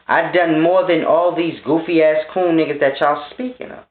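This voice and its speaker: A man's voice: a little high, fairly even intonation, normal speed. Man ranting bluntly over a tinny line. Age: 30s. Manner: blunt, confrontational, scornful. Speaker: vlogger. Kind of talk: profane monologue rant. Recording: tinny, phone-like and roomy.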